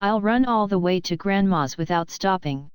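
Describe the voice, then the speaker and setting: A woman's voice: medium pitch, moderate pace, clean tone, no echo, lightly acted. A woman reading a trusting little girl. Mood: innocent.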